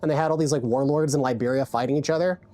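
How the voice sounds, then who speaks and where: A woman's voice: rumbling low, fairly even intonation, racing, warm tone. A woman game streamer chatting casually and profanely, rambling with many restarts into a desk mic. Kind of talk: casual live-stream chat.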